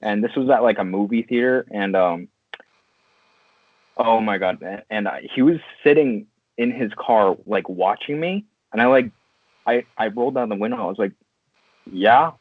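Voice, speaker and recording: A man's voice: on the low side, moderate pace, no echo. A man calling in as a podcast guest, telling a story in a laid-back way with some laughs. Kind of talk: casual chat. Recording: tinny phone-like remote line.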